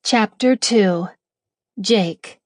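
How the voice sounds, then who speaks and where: A woman narrates a romance audiobook in the first person, taking her time over each line. Her delivery is playful, with breathy asides. The voice sits close and dry, in a middle register. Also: medium pitch, extremely slow, dry recording.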